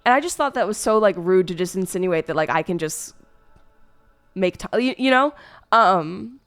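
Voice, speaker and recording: A young woman streamer chats casually with her viewers. She tells a hurt, rambling story full of fillers and restarts. Her voice is smooth and clear at a middle pitch, with soft music playing faintly behind her. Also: lively intonation, normal speed.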